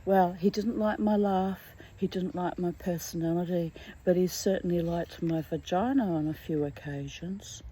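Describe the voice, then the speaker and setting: A woman's voice: lowish voice, normal speed, few pauses, dark tone, husky, poor audio. A middle-aged woman talking candidly and emotionally in a rambling personal monologue, dropping to a whisper on some asides. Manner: candid, emotional and chatty, drifting between topics. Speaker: vlogger.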